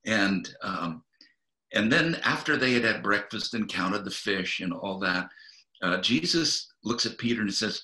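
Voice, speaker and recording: Low, bright-toned man in an echoey room. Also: expressive. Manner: earnest, halting restarts, acts out quotes. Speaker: guest minister. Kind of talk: storytelling Bible teaching in interview.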